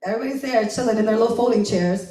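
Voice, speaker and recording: A woman from the United States telling a personal story at a live event, chatty and animated, full of "like" and "right?", laughing often. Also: on the high side, very fast. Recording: roomy live recording from a distance.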